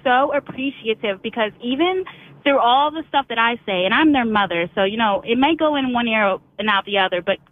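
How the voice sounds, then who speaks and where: A woman's voice: fairly high pitch, expressive, brisk. A woman in her thirties calls in to share a story about her children. She rambles and restarts as her feelings rise. Her voice comes through a narrow, tinny phone line. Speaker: caller. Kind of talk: call-in testimony.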